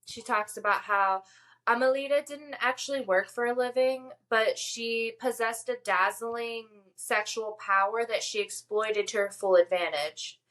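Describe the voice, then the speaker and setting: A chatty woman co-hosts a podcast, pitched a little high. She talks through a TV episode in easy, enthusiastic chat, full of filler words. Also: unhurried, a bit bright. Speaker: podcast co-host. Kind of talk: casual chat recapping a TV episode.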